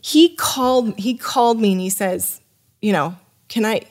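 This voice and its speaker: A woman's voice: medium pitch, unhurried. A woman guest on a podcast, telling a story in casual chat, acting out the voices of the people in it and filling her talk with "you know" and "like". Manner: animated, acts out quoted dialogue; loose, full of fillers like "you know" and "like". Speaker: podcast guest, wine sommelier.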